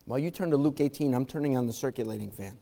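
In a church sanctuary, a pastor delivers an evening sermon with a mid-range, creaky, mellow voice at a rapid-fire pace. He fervently reads scripture aloud in King James wording and puts direct questions to the congregation, all under the long reverb of a large hall.

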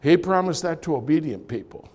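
A man preaching a sermon in church, swinging from loud punchlines to quiet, confiding asides as he tells stories. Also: fairly high pitch, animated, a little fast, husky. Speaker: pastor. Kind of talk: sermon with storytelling.

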